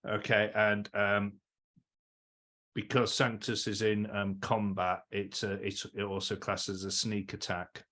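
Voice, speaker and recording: A man's voice: lowish voice, flat delivery, unhurried, fairly bright tone. A man playing a tabletop game, explaining his turn step by step. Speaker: player.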